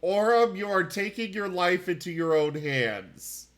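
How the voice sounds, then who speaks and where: Stream host: bright, animated voice, dry and teasing, faint music under. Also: mid-range voice, measured pace. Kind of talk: casual game-stream chat.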